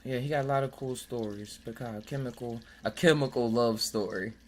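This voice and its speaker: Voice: mid-range voice, fairly quick. A podcast host in casual chat who jokes, laughs often, reads articles aloud and stumbles over words.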